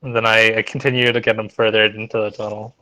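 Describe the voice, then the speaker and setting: A man's voice: lowish voice, level tone, fast, sharp tone, poor audio. A man playing a tabletop game online in an ordinary mid-range voice. He says what his character does with eager, casual energy. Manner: eager, declaring actions. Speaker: player.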